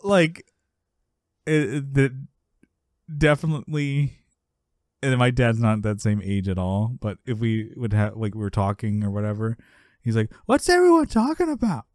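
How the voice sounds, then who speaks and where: Male podcast co-host, casual and animated, frequent laughs, mid-pitched, dry close sound. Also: measured pace, pauses often, dry recording. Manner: animated, laughs often, acts out characters in a high yelling voice. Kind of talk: casual chat recapping a sitcom episode.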